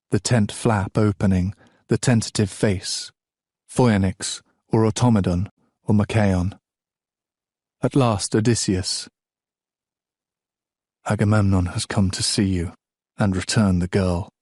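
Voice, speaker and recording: A man narrating an audiobook of a novel in a slow, measured, grave reading. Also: lowish voice, darkish tone, dry recording, studio quality.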